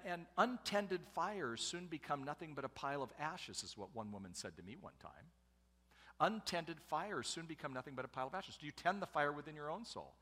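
A man's voice: mid-range voice, sharp tone, in a large hall. A middle-aged man preaching a sermon, conversational and humorous, making asides to the congregation. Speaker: pastor and family speaker.

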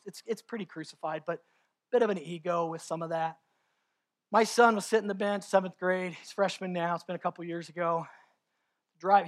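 Male pastor, passionate sermon delivery, confessional and heartfelt. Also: high-pitched. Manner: passionate, rises to near-shouting in climaxes; confessional, candid storytelling.

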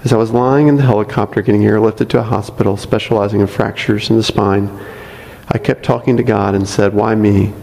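Brief: man with a lowish voice reads a testimony to a congregation, earnest with wry asides, church-hall echo. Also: fairly even intonation, fairly quick, gravelly, a little mellow. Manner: earnest reading broken by light asides. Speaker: church member reading a testimony. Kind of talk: reading a testimony aloud to a congregation. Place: church sanctuary. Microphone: microphone.

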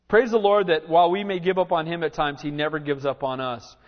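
High-voiced man preaching in a reverberant hall. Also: fast talker, few pauses. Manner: animated preaching, acts out Bible scenes. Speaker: pastor. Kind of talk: sermon. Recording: reverberant church hall, dull lo-fi sound.

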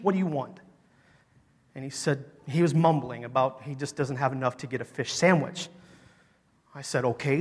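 Man, pastor, sermon, animated storytelling, loud-to-soft swings, church hall reverb. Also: fairly high pitch. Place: church sanctuary.

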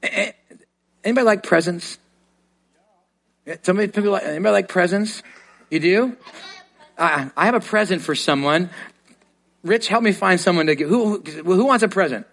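A man's voice: high voice, a little fast, fairly bright tone. A man preaching a sermon to a congregation, earnest and given to repeating words as he starts a thought. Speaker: pastor.

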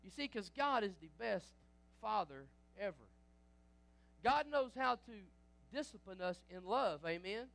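A pastor preaches in a lively, conversational way, asking the congregation for an amen. His voice sits high for a man, and he often stumbles and restarts mid-sentence. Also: a little slow, vocal fry. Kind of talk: sermon.

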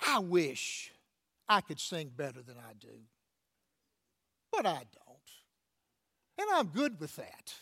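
High-voiced preaching man. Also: a bit bright. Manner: preaching with call-outs to the congregation; frequent restarts and repeated words. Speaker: pastor. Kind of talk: sermon.

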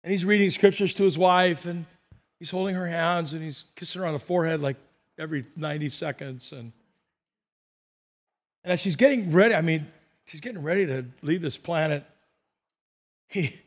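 A man preaching a sermon as pastor, telling stories and acting out voices, swinging between soft and loud. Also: high voice, normal speed, long pauses. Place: church sanctuary. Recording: long reverb of a large hall.

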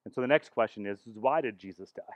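A man's voice: lowish voice, quick pace, no echo, muffled recording. A man preaching a sermon in church as pastor, retelling the crucifixion with dramatic, building intensity. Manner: dramatic, rising to intense passages. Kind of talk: sermon with live demonstration.

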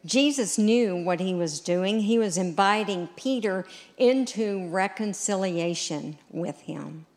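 A middle-aged woman delivers a sermon at an unhurried pace. She takes her time over each phrase and tells the story deliberately, stepping into quoted lines as she goes. Her voice sits at an ordinary middle pitch. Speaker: preacher.

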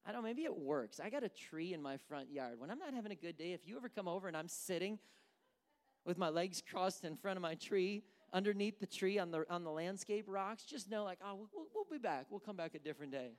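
A preacher giving an animated, conversational sermon who acts out the characters. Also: medium pitch, brisk.

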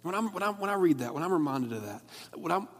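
A young pastor preaches a casual, conversational sermon in a church worship hall, often restarting sentences and acting out the voices of people in his stories. His voice is a little high, animated and quick. Long hall reverb fills the recording.

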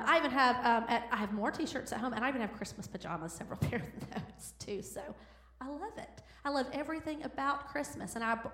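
Bubbly woman, high voice, church speaker in an echoey hall. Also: a bit bright. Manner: bubbly, enthusiastic, laughing asides. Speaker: pastor's wife and guest speaker. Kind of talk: sermon talk. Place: church sanctuary.

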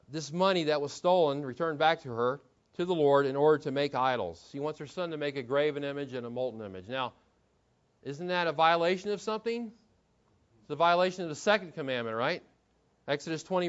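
Brief: male preacher, fairly high voice, chatty sermon full of rhetorical questions, dull lo-fi recording. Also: lively intonation, brisk. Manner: conversational, asks rhetorical questions, repeats words while thinking. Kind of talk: expository sermon.

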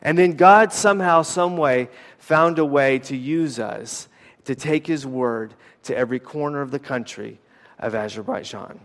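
A man's voice: medium pitch, measured pace, fairly bright tone. American man preaching in a hall. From United States. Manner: conversational, many fillers and restarts. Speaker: former missionary preacher. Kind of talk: sermon with personal story. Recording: long reverb of a hall.

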